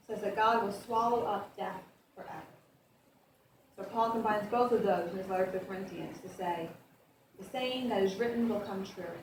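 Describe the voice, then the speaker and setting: A woman pastor giving a conversational sermon, reading scripture with lively emphasis. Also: mid-range voice, noisy background. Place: church sanctuary. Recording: echoey church heard from a distance.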